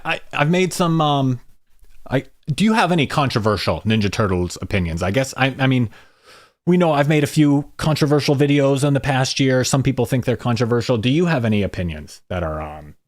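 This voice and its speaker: A man hosting a podcast, asking questions in a relaxed, self-deprecating way. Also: mid-range voice, fairly quick, dry recording, clean studio sound. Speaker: podcast host. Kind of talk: casual podcast interview.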